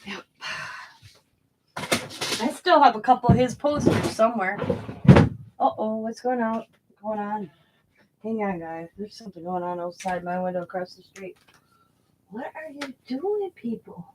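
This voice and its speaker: A woman's voice: medium pitch, lively intonation, measured pace, pauses often, slight background noise, poor audio. Chatty middle-aged woman crafting host. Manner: chatty storyteller who laughs often. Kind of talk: casual chat while crafting.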